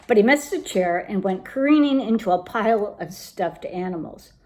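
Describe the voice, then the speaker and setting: Here a woman narrates a picture book for children with plenty of energy and expression. She speaks at a normal speed in a medium-pitched voice.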